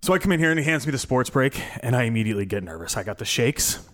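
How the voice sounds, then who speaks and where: A man's voice: mid-range voice, rapid-fire. A young man hosting a casual chat in a broadcast studio, telling a story and acting out the people in it. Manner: animated storyteller who acts out quoted people with a raised voice. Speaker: host. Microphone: studio microphone.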